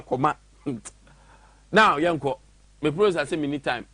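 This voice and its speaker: A man's voice: on the high side, lively intonation, brisk, long pauses, a bit bright, breathy edge, no echo. A man with a Ghanaian accent hosting a radio show, reading a letter aloud and interjecting with mocking commentary. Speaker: radio host. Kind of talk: commentary mixing English and Twi. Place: radio studio.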